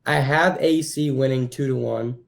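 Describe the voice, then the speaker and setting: A man with a gravelly, mid-pitched voice co-hosting a casual football podcast. He makes his predictions in a laid-back, sure-of-himself way. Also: normal speed. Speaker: podcast co-host. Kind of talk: casual sports chat.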